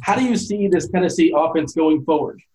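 A man's voice: on the high side, lively intonation, brisk, a little mellow, slight background noise, rough recording. A man co-hosting a casual podcast chat, rambling with frequent restarts and lots of laughter. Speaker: podcast co-host.

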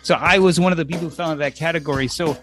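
A man's voice: fairly high pitch, steady tone, racing, music in the background. Easygoing male podcast host. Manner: easygoing, laughs often, agreeable. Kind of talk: casual podcast conversation.

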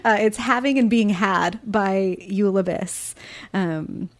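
A woman's voice: mid-range voice, slow pace. A woman co-hosting a podcast, talking thoughtfully about a book with lots of "like" fillers. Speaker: podcast co-host. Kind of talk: casual book chat.

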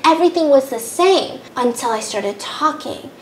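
A young woman hosting a podcast, retelling a story in a casual, animated way with lots of "like". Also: high-pitched, moderate pace. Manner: animated, fillers like "like". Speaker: podcast host. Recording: roomy with faint background noise.

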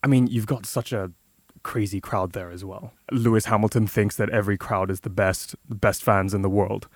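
A man's voice: fairly low pitch, steady tone, normal speed, no room sound, clean studio sound. A man co-hosting a casual podcast chat, talkative, with sarcastic asides and frequent restarts. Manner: chatty, sarcastic asides, repeats words when starting sentences. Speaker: podcast co-host.

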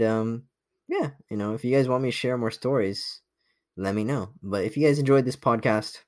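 A man's voice: on the low side, dry recording, clean studio sound. A young man hosting a podcast, telling a boastful dating story in a cocky, profane, laughing way. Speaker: podcast host. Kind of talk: casual storytelling monologue.

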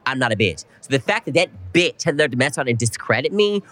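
A young man from North Carolina, co-hosting a podcast with brash, animated storytelling. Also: medium pitch, quick pace. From North Carolina, USA. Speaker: podcast co-host. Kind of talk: casual chat.

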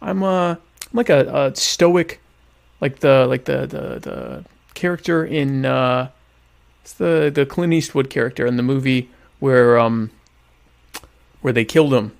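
Man, gravelly voice, rambling deadpan humor, casual chat while eating. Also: medium pitch, a little slow. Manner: joking, rambling, deadpan irony about being quiet. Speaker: vlogger answering viewer questions. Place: at home eating dinner.

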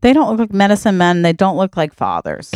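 A woman co-hosting a podcast, reacting quickly and joining an improvised comic western story. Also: medium pitch, no room sound, studio quality. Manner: quick reactions, lively banter. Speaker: podcast co-host.

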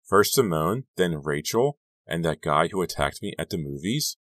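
A man's voice: deep voice, very animated, normal speed, a bit bright, dry recording, studio quality. A man voicing a frightened teenage girl who talks anxiously and urgently about danger. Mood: fearful. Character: frightened teenage girl actress, nun costume.

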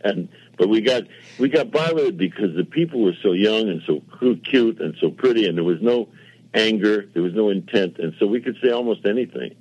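A man's voice: lowish voice, expressive, fairly quick, darkish tone, husky, no echo. An older man, a television producer, telling long rambling anecdotes in a casual interview with quoted dialogue and self-mocking asides. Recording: dull lo-fi radio audio.

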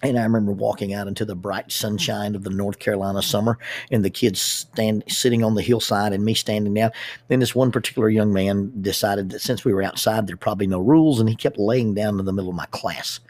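A man with a low, husky voice tells a personal story to a group. He talks in an animated way and often doubles back on his words. The recording is dry and close, with no room sound. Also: brisk, no room sound. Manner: animated, with repeated starts and lively asides. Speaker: public speaker and youth group leader.

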